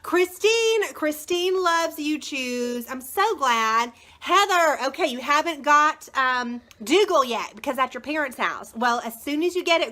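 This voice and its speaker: A bubbly woman in her thirties chats through a live book showcase and greets viewers by name as she goes. Her voice sits high and bounces all over the place. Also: lively intonation, measured pace, hardly any pauses, sharp tone. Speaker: book seller hosting a live video. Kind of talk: chatty live product showcase.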